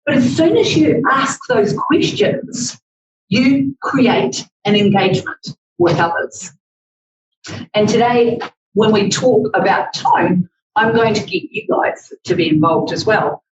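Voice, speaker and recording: Brief: woman, higher voice, slow-paced speaking coach, echoey room, mic far off. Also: lively intonation, slight background noise. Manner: slow, deliberate, demonstrative delivery. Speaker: public speaking presenter. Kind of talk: workshop presentation. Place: library meeting room. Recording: echoey, distant, dull audio.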